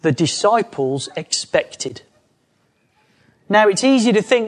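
A man preaching a conversational sermon, lively, acting out quoted voices as he goes. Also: sits high, takes it slowly.

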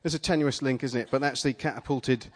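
A man preaching a sermon, retelling a vision in the first person, dramatic at first and then playful and energetic with volunteers in front of a live congregation. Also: medium pitch, fast talker, slightly rough. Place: church gathering with a live audience.

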